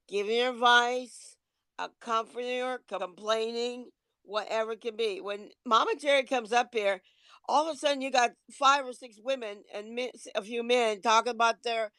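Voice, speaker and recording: A woman's voice: fairly high pitch, fairly bright tone, clear, resonant tone, no room sound. Blunt, lecturing woman livestreaming. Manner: blunt, lecturing, swears casually. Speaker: livestream host. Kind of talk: livestream rant.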